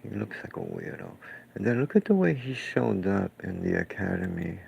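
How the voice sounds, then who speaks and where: Gravelly low-voiced man ranting profanely. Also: big pitch swings, normal speed, a little mellow, lo-fi sound. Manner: profane, scornful, rambling. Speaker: painter. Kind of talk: casual ranting commentary while watching clips.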